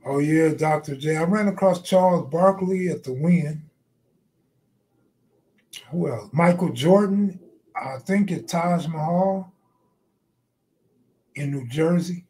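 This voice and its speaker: A middle-aged man hosts a live stream, freestyling rambling anecdotes full of slang and cursing. He breaks off mid-story to answer viewers, and his voice sits a bit high for a man. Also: slow, long pauses, darkish tone.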